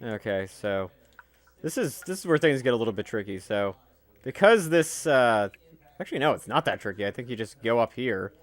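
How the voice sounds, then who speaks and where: A man giving casual, jokey commentary over a video game he is playing, talking freely and breaking into loud excited outbursts. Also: mid-range voice, moderate pace. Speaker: let's play commentator.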